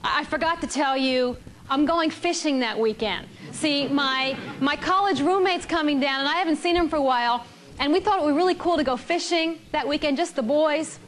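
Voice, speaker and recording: A woman voicing a casual husband who gets defensive, then angry and fast-talking. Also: high voice, close to an everyday voice. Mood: breezy. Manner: breezy, then fast and heated.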